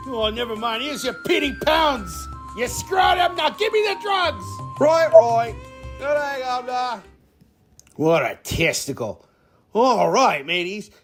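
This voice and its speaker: Woman playing a ranting mock-British bloke, crude insults, slow drawl, music bed. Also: sits high. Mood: scornful. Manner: shouty, rambling, crude insults. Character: crude ranting male British comic-writer caricature.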